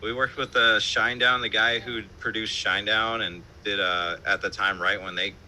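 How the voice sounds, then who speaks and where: Man, band musician, interview guest, low bright voice, rambling laid-back storytelling, lots of fillers and swearing, talking from home over a stream. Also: level tone, moderate pace, slight background noise, low-quality recording.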